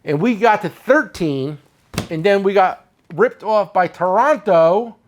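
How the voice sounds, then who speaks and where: A New man rambles and jokes about himself while hosting a tool shop chat. His voice sits high and swings widely in pitch. The recording carries clear shop noise. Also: animated, a little slow. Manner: rambling, joking, self-mocking. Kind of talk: casual chat.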